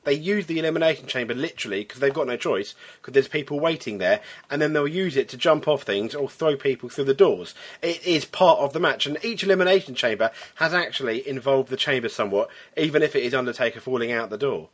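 A man's voice: medium pitch, fast, hardly any pauses. A man co-hosting a wrestling podcast, talking in long rambling runs in casual chat. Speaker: podcast co-host.

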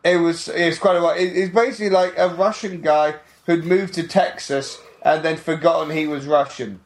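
A man's voice: on the high side, steady tone, moderate pace. A man co-hosting a casual wrestling chat, blunt and mocking, who swears now and then. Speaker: podcast co-host.

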